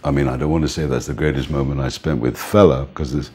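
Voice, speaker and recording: Older man, extremely low voice, mellow dark tone, relaxed reminiscing interview storyteller. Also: fast talker, a little hiss or hum. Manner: relaxed, reminiscing, often says "man", laughs between points. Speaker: music manager interviewed.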